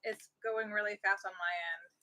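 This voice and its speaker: A woman's voice: medium pitch, fairly even intonation, normal speed, bright, forceful tone. A woman co-hosting a movie watch party livestream, chatting casually and greeting viewers with a giggle.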